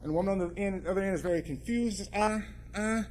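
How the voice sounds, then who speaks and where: A male attorney telling a humorous story to an audience, with joking, animated asides. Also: high voice, very fast, slight background noise. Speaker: attorney and speaker.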